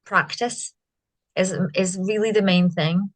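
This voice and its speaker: A woman's voice: medium pitch, takes it slowly. A woman musician, a podcast guest, talking frankly in casual chat. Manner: frank, animated, swears.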